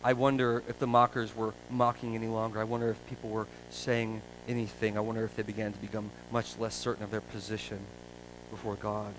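A male pastor preaching a conversational sermon, dropping to a hush and rising to loud emphasis. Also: fairly low pitch, little pitch movement, a little fast, noisy background.

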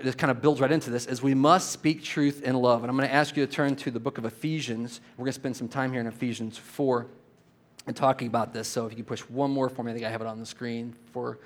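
A male pastor preaching a sermon, animated, swinging between loud exhortation and quiet asides and laughing often. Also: mid-range voice.

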